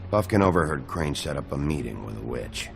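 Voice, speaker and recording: An actor voicing a weary, blunt male detective in a game, with a deep gravelly voice and terse delivery. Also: expressive, a little fast, faint music behind, heavily acted.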